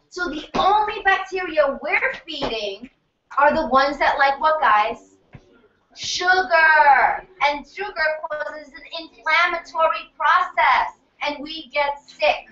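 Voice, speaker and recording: A woman health practitioner leading a lively workshop lecture, firing questions at her audience in an animated way. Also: high voice. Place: event room in New York City. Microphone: distant room mic. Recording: echoey room, distant mic, muffled, faint noise.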